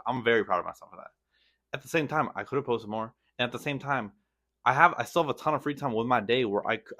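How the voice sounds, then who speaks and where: A young man chats loosely to his viewers, his voice sitting a little low. He rambles, restarts his sentences and drops slang everywhere, often running himself down. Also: bright, forceful tone. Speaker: vlogger. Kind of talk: casual vlog chat.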